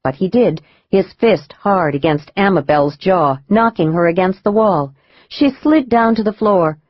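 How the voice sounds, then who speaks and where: Low-voiced woman reading a thriller audiobook. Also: lively intonation, unhurried, muffled recording. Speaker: audiobook narrator. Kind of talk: scripted thriller narration.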